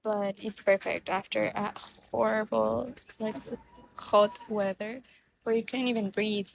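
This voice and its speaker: A woman's voice: medium pitch, fairly even intonation, unhurried, gravelly, a little hiss or hum. A young woman chatting casually with viewers on a livestream from a boat, full of "like" fillers, on a phone mic. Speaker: livestream vlogger. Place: on a boat outdoors, windy.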